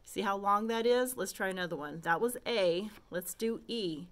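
A woman with a mid-range, fairly bright voice teaches kindergarteners phonics at normal speed. In this slow, patient lesson for young children, she models and stretches out letter sounds and asks simple questions.

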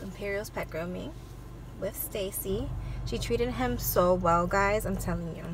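A woman's voice: medium pitch, measured pace, noisy background. Chatty woman vlogging with her dog. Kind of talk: casual vlog chat. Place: in a car and outdoors.

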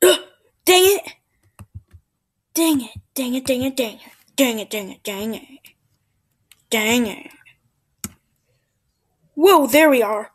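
A woman giving excitable let's play commentary, yelping at mishaps and dropping into whispered asides. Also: high-pitched, slow, long pauses, husky. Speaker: gameplay commentator.

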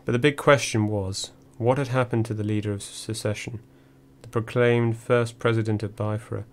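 A man reading a first-person memoir audiobook in a measured, dry storytelling manner. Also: lowish voice, fairly even intonation. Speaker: audiobook narrator.

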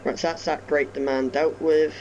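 A man's voice: a little high, little pitch movement, moderate pace, lo-fi sound, a little hiss or hum. A young man giving casual commentary while playing a farming game at home, chatting to viewers with self-mocking asides. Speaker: gaming YouTuber. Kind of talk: casual let's-play commentary. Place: home bedroom.

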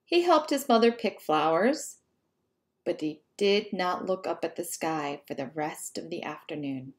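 A woman teacher reading a picture book aloud to young children in a slow, careful, friendly way. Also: on the low side, lively intonation.

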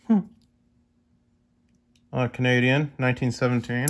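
A man's voice: mid-range voice, unhurried, a bit bright. A young man in casual chat with his viewers, easily amazed and talking to them directly as he sorts through coins. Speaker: coin collecting vlogger.

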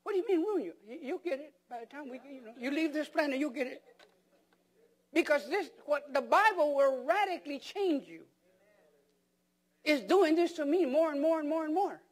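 High-voiced man preaching with emphatic questions. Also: animated, normal speed. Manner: repeats words and restarts phrases for emphasis. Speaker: pastor. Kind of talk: sermon.

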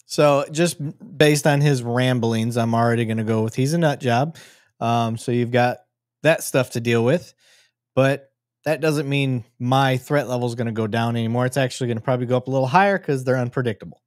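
A man's voice: mid-range voice, a little fast, no room sound, clean studio sound. A man hosting a live stream and commenting casually on video footage, joking and swearing freely. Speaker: host.

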